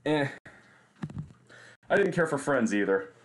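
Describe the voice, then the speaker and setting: A man's voice: mid-range voice, big pitch swings, takes it slowly, a little hiss or hum. A man, chatting casually and joking with viewers on a livestream. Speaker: livestream fitness host.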